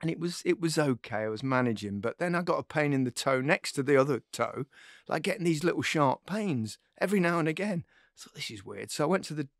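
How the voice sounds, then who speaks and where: A man's voice: a little high, expressive, brisk, no echo, studio quality. A middle-aged man, a former footballer co-hosting a podcast, telling a story in a chatty, self-mocking way. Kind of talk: casual anecdote-telling chat.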